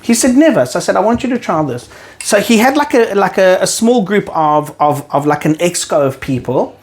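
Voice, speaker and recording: A man's voice: high voice, moderate pace. A man with a South African accent, a guest in a casual podcast conversation, telling stories and acting out the dialogue in them. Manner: animated storyteller who acts out quoted dialogue.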